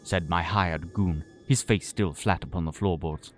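A man narrating an audio drama in a pompous, florid manner, as a Victorian-style gentleman. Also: low-pitched, a little slow, slight background noise. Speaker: storyteller and sole voice actor.

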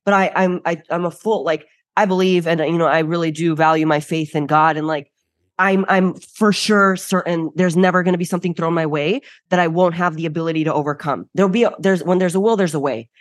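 A woman's voice: on the low side, fairly even intonation, a little fast, dry recording. Woman, young adult, candid, filler-heavy, emphatic, dry room. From United States. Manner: emphatic, heartfelt, lots of filler words. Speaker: podcast guest. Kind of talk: candid interview talk.

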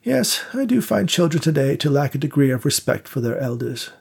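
Old male theater manager, prim and formal, raised pitch, read by a male narrator. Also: sing-song, brisk, gravelly, breathy edge, exaggerated voice.

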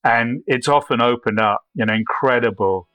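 A man's voice: mid-range voice, moderate pace, sharp tone, smooth, no echo. Man telling adventure stories, dry sound. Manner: anecdotal, with frequent restarts and acted quotes. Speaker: guest, photographer. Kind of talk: storytelling interview answers.

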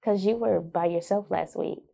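A woman's voice: fairly low pitch, moderate pace, vocal fry, warm tone, breathy edge. A woman co-hosting a podcast in casual, playful chat with her husband. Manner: playful, teasing banter. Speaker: podcast co-host.

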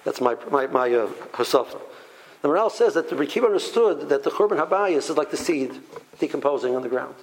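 A man teaching a Torah class in an animated way, full of rhetorical questions and restarts. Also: on the high side, fast, a little hiss or hum, poor audio.

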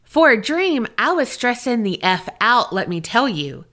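A woman co-hosting a chatty podcast, with a bright, keen tone and a fairly high voice. Her pitch swings widely as she talks. She reacts with big exclamations and swears casually. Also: big pitch swings, a little slow. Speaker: podcast co-host. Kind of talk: casual chat, reading listener stories.

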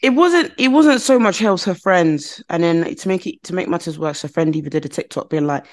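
A British woman with a lowish voice speaks briskly while chatting casually on a podcast. She tells stories animatedly, acting out the voices of what other people said.

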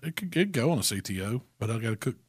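A man, co-hosting a casual barbecue chat and calmly explaining cooking step by step. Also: medium pitch, very fast, breathy edge, dry recording, studio quality. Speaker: barbecue pitmaster co-host.

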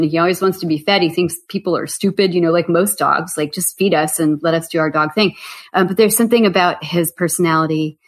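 Lively, low-voiced woman author. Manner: animated storyteller. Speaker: author guest. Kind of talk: casual interview chat.

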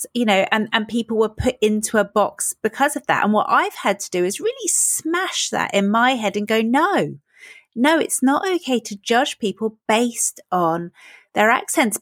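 A woman with a clear, crisp English accent hosting an interview, affirming and enthusiastic. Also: on the high side, dry recording, studio quality. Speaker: podcast host. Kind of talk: conversational interview.

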